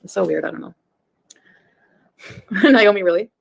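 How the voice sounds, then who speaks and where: A woman's voice: medium pitch, expressive, moderate pace, vocal fry, husky. A woman in her thirties, a YouTube reaction streamer, chatting casually on a livestream in a rambling way and laughing often. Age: 30s.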